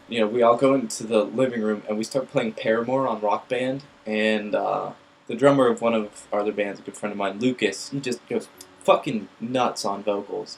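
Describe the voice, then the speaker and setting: A man's voice: on the low side, gravelly, slight background noise, low-quality recording. A young man casually telling a rambling, profane story to his viewers. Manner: rambling, filler-heavy, profane. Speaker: vlog host.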